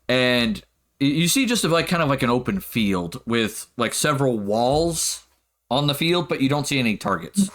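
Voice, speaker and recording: A man narrating as game master of a tabletop game, laughing often and getting excited. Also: medium pitch, moderate pace.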